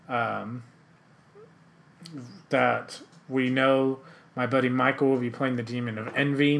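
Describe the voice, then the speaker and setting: Guy hosting a podcast, mid-pitched, slow, keeps laughing and trailing off. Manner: rambling, laughs often, self-interrupting. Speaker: podcast host. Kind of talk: casual podcast chat.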